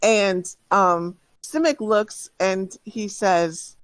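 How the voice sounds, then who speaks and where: A woman's voice: mid-range voice, expressive, extremely slow, dry recording. A woman narrating as game master in a tabletop game, rambling with many restarts. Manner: rambling, lots of fillers and restarts. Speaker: dungeon master.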